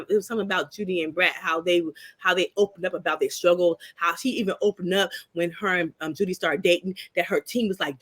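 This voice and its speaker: A woman's voice: on the low side, a little fast, hardly any pauses, fairly bright tone, no echo. A woman co-hosting a casual chat, emphatic, often repeating words as she talks. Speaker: podcast co-host.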